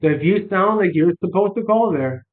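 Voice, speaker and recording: A man's voice: sits high, animated, a little fast. A man giving a casual sales lesson, rambling with restarts and fillers. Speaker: sales coach. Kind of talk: casual instructional talk. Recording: tinny phone-like sound.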